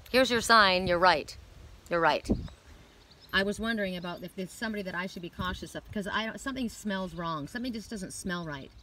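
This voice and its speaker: A woman's voice: mid-range voice, noisy background. A woman giving a casual spiritual card reading outdoors, talking in a rambling, candid, chatty way. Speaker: oracle card reader.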